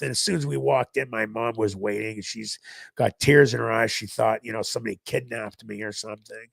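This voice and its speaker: Male podcast guest, animated storyteller, heavy vocal fry, dead dry sound. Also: fairly low pitch, a little fast, dry recording. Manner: animated storytelling, acting out others in raised voices. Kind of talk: recounting a personal story.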